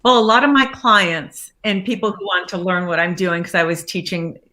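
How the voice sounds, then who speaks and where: Bright-voiced woman telling her story. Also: lowish voice, normal speed. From Iraqi family background, raised in America. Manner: animated, acts out quoted voices, laughs often. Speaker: guest speaker and life coach. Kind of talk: casual storytelling interview.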